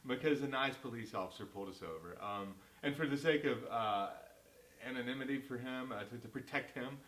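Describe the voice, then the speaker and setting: A chatty Southern man tells a story at a brisk clip, his voice animated and talkative. He sounds like a real estate agent co-hosting a relaxed video chat. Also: mid-range voice, roomy sound. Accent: Southern American.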